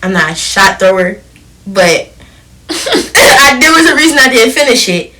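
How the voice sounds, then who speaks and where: A seventeen-year-old girl co-hosts a podcast, her voice on the high side, at a measured pace and far from the mic. She chats casually and tells stories animatedly, laughing along the way.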